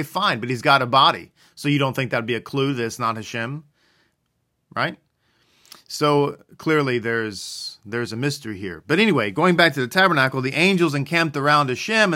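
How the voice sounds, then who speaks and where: A man's voice: mid-range voice, pushed and bright. A man giving a religious teaching in a conversational way, often asking questions and then answering them himself. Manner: conversational, asks and answers his own questions.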